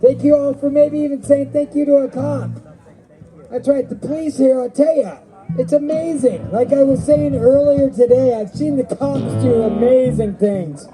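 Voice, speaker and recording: A man's voice: very high voice, normal speed, dark tone, faint music behind, rough recording. A middle-aged man emceeing an outdoor festival stage with rambling, joking banter and stories.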